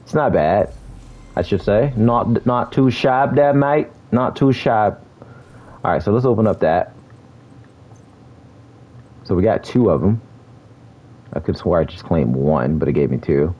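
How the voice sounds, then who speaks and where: A man's voice: lowish voice, expressive, unhurried, pauses often, dull audio. A man giving laid-back, chatty commentary on a video game, laughing often and using slang. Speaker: gaming streamer. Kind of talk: casual gameplay commentary.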